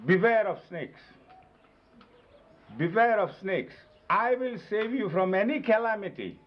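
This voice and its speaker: An older man, voicing his spiritual master's quoted words, gives calm, measured instructions and emphatic warnings to followers. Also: sits high, voice pushed up. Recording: dull lo-fi 1970s videotape.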